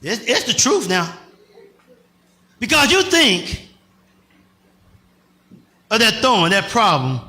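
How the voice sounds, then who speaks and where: High, bright-voiced preaching pastor. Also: male voice. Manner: preaching with rising shouts and laughter, colloquial. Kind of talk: sermon.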